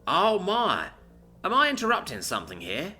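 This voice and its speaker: A man's voice: sits high, huge pitch swings, normal speed, pushed and bright, soft background music, pitched above the performer's own voice, full character voice. A man voicing a sultry, teasing female reptilian mechanic.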